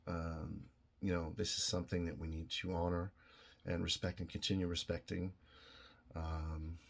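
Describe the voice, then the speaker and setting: A middle-aged man from Canada speaks to his viewers in a low, deep voice. He talks slowly and earnestly, full of pauses, fillers and restarts, and he sounds moved. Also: flat delivery, vocal fry. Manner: halting, many fillers and restarts, emotional. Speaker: video host. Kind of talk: casual direct-to-camera talk.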